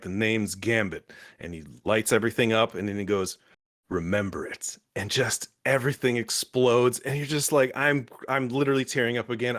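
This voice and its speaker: A young man recaps with raw, excitable energy, cursing freely and jumping into little acted-out quotes. His voice sits low in pitch. The sound is close and dry, with almost no room around it. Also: no echo. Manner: excitable, swears often, acts out quotes in shifting pitch. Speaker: podcast co-host reviewing a show. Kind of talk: emotional casual recap.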